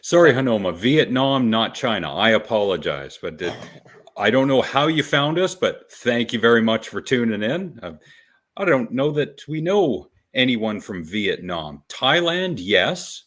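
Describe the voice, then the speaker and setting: A man's voice: mid-range voice, very animated, a little slow, fairly bright tone. A man hosting a casual talk show, politely answering viewers in the chat. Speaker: podcast host.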